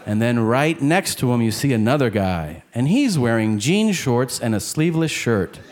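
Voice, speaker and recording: A man doing a stand-up comedy set on a club stage, acting out characters in quick asides. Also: medium pitch, very animated, a little mellow. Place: comedy club stage before a laughing audience. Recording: live club recording with crowd laughter and noise.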